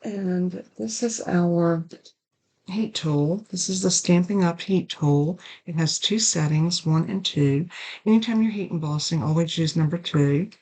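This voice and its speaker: A woman's voice: fairly low pitch, measured pace, warm tone, low-quality recording. A middle-aged woman with a cough, chatting casually as she demonstrates card making step by step. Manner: chatty, apologetic about coughing. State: coughing and sneezing. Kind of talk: casual craft tutorial.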